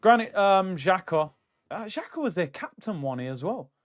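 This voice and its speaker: Man, football livestream host, animated, chatty, slightly high voice, dull lo-fi sound. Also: moderate pace. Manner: animated, chatty, answers chat comments. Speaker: football streamer. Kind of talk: casual livestream football chat.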